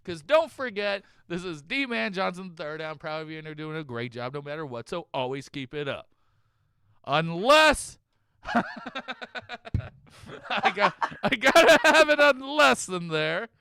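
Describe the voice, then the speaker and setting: A man hosting a casual show recap, joking loudly and laughing often. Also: high voice, expressive, normal speed, creaky, smooth, no room sound, clean studio sound. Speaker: host.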